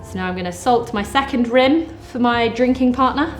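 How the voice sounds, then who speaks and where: A woman's voice: a little high, normal speed, reverberant, faint music behind. A woman talking casually through a home cocktail recipe step by step, joking as she goes, in a kitchen. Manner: chatty, jokey, explaining step by step. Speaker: vlogger. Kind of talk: casual cooking demo.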